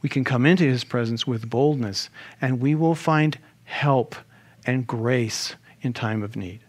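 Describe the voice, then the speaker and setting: A male pastor delivers a sermon in a lively way, firing off rhetorical questions and dropping in humorous asides. His voice sits at an ordinary middle pitch for a man. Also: measured pace.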